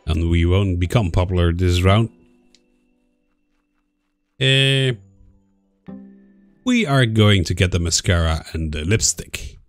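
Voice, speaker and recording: A low-voiced man chats through a video game at an unhurried pace, reading out the dialogue and chuckling along. His intonation rises and falls in a lively way, and faint game music plays underneath. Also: no echo. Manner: reads game dialogue aloud, chuckles often. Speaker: gaming YouTuber. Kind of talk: let's play commentary.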